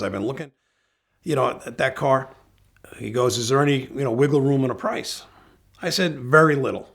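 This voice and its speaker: Gravelly middle-aged car dealer telling stories. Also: male voice, mid-range voice. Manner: lively storyteller who acts out dialogue. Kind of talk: storytelling anecdote.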